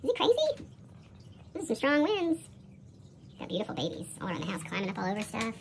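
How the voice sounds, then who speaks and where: A woman's voice: medium pitch, very animated, fast talker, creaky, a little hiss or hum. A woman filming her cats at home, cooing at them in repetitive baby talk. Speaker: cat owner filming her pets. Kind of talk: casual home video, baby talk to pets.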